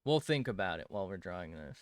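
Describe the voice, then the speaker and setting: A man's voice: deep voice, very animated, fast, no echo, studio quality. A young man streaming while he draws, rambling to chat, mocking himself and swearing often.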